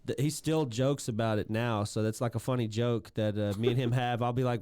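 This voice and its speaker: Smooth-voiced guy rambling through a story on a podcast, dry mic. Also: mid-range voice, fairly even intonation, brisk, hardly any pauses, dark tone, no room sound. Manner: rambling storyteller with lots of fillers. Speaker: podcast co-host. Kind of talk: casual chat.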